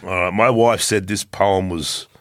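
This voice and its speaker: A man's voice: deep voice, fairly even intonation, unhurried, a bit bright, no room sound. A man co-hosting a podcast, chatting casually with laughter and swearing. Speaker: podcast co-host. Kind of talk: casual chat.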